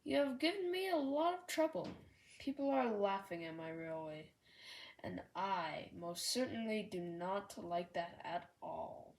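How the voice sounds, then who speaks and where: A woman's voice: medium pitch, expressive, a little slow, creaky, echoey room. A woman voicing a stern but kind male railway boss in a storybook reading.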